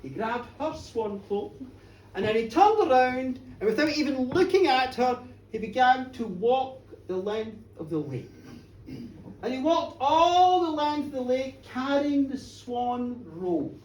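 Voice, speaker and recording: A woman telling a folk tale live, dramatic, moving from hushed murmurs to shouts. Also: sits high, sing-song, a little slow. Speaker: storyteller. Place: bar, live performance before an audience. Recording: roomy, distant live bar recording.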